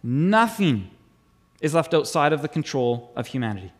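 A man's voice: on the high side, very animated, normal speed. A man who is a pastor, giving a conversational sermon, chatty, asking the congregation questions and repeating words as he goes.

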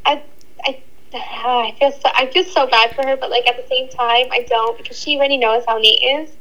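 Bright high-voiced young woman chatting. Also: steady tone, fairly quick, dull audio. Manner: chatty, agreeable, says "literally" a lot. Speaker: podcast co-host. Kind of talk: casual chat.

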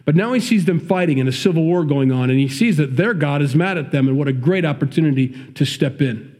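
A man's voice: on the high side, fast, a little mellow. A man with a Midwestern accent preaching a sermon, reading scripture and breaking off into conversational, emphatic commentary. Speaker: pastor.

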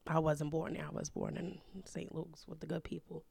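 A woman in her twenties from Harlem, New York, telling stories lively as a guest in a casual interview. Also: sits low, moderate pace, creaky, husky, dry recording. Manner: animated storyteller, acts out others' lines with laughter. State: pregnant. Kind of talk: casual storytelling chat.

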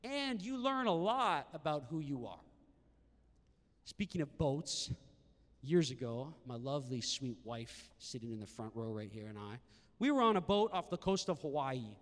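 A man preaching a sermon to a live congregation in a church hall, animated and acting out quoted voices. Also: mid-range voice, normal speed. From Canada. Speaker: pastor. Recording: long hall reverb.

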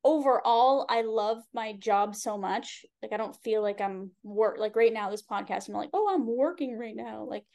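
A woman business coach speaking as a podcast guest in a relaxed, candid way, with many casual fillers. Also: mid-range voice, normal speed, hardly any pauses. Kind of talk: casual chat.

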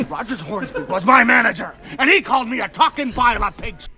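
An actor playing a gruff male baseball manager who berates his player, shouting in bursts, in a film scene. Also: extremely high pitch, animated, a little fast, full character voice. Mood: mocking. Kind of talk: film dialogue.

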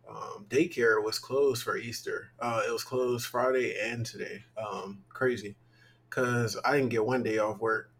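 A man's voice: mid-range voice, a bit bright, low-quality recording. A young man co-hosting a casual podcast, sounding tired as he rambles candidly, with lots of fillers. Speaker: podcast co-host.

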